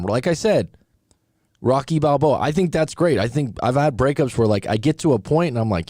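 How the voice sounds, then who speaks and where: A man, a relationship coach, giving casual commentary on clips, animated and chatty with quoted asides. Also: mid-range voice, moderate pace, dry recording, clean studio sound.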